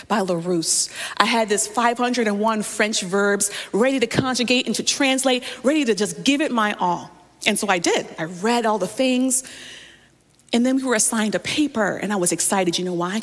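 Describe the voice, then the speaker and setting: A woman pastor delivers a sermon as a personal story, often turning to her listeners with direct asides. Her voice sits in a middle pitch for a woman. The sound rings with the long reverb of a large hall. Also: fairly bright tone.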